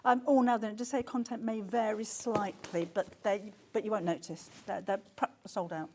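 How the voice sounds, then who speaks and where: A woman presenting a live TV shopping show, excitable and quick to gasp and exclaim as items sell. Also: medium pitch, slight background noise. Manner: excitable, gasping and exclaiming over sales. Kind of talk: live TV selling. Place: TV studio.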